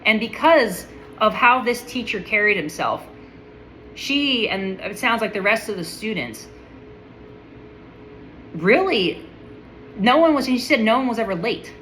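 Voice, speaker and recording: A woman's voice: on the high side, expressive, unhurried, pauses often, fairly bright tone, a little hiss or hum, poor audio. A woman speaking in a casual, enthusiastic monologue, full of admiration and often restarting her sentences.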